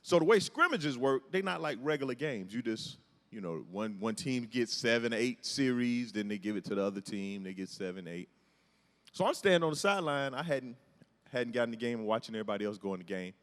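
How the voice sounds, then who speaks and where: A comedian telling a story on stage, animated and acting out the scenes and voices. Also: male voice, mid-range voice, fairly quick. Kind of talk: stand-up storytelling. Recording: echoey hall with long reverb.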